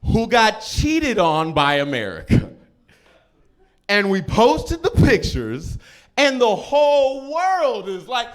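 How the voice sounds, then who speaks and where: A male stand-up comic on a club stage, with a high voice that swings all over. He jumps into loud shouted quotes. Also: wildly swooping pitch, slow pace. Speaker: stand-up comedian. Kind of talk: stand-up set. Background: live audience.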